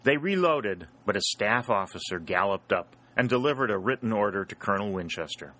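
Low, bright-toned male narrator. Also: expressive, fairly quick. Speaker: audiobook narrator. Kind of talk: scripted narration.

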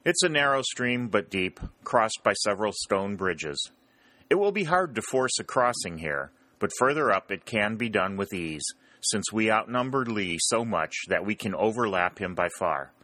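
A man's voice: lowish voice, lively intonation, normal speed, pushed and bright, dry recording. A man voicing an emphatic middle-aged Union colonel in a storybook reading. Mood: explaining. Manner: emphatic, exclaiming.

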